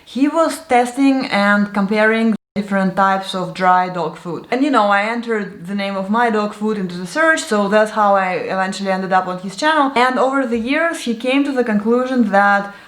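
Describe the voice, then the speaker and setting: A woman's voice: medium pitch, moderate pace, few pauses, a bit bright. A woman from Siberia, chatting candidly about products she liked in a casual vlog. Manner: chatty, candid, laughs often. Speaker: vlogger. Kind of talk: casual product review chat. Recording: echoey room.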